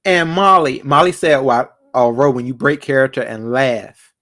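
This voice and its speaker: Man, livestream host, relaxed casual chat, rambling, filler-heavy, mid pitch. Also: moderate pace. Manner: laid-back, rambling, lots of fillers. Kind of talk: casual live chat with callers.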